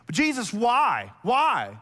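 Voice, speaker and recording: A preacher voicing an impetuous grown disciple who pleads and insists like a small child. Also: male voice, extremely high pitch, wildly swooping pitch, slow pace, sharp tone, long reverb tail, voice pushed up, exaggerated voice. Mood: pleading insistent.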